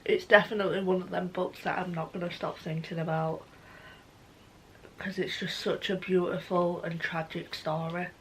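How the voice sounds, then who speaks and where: A woman's voice: on the low side, level tone, moderate pace, a little hiss or hum, rough recording. A young woman chatting casually in a reading vlog, gushing and emotional, with many "like"s. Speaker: book vlogger.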